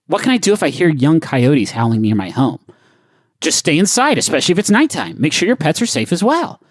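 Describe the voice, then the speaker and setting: Animated male comedy podcast co-host, higher voice, wide swings in pitch, dry close studio sound. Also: fairly quick, no room sound. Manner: animated, riffing, sudden swoops in pitch. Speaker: podcast co-host reading questions. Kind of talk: casual comedic banter.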